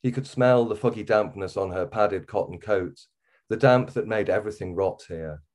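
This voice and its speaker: A man with a Wirral accent reading his own short story aloud in a measured, steady way. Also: on the low side. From England. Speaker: guest author.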